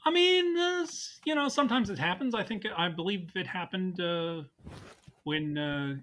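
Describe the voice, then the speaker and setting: A man co-hosting a casual podcast chat, relaxed, reading out listener comments. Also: high voice, moderate pace. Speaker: podcast co-host.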